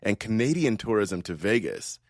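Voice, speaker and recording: Podcast sidekick, male, lowish voice, dry sound, quick quips. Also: very animated, no room sound. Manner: quick, joking asides. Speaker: podcast co-host. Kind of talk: casual investing chat.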